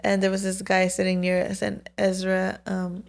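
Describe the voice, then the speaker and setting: Twenties woman, gravelly fry in her voice, podcast cohost rambling a story, lots of like and cussing. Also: mid-range voice, completely flat delivery, moderate pace. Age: 20s. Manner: storytelling with frequent swearing and fillers. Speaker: podcast co-host. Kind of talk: casual chat.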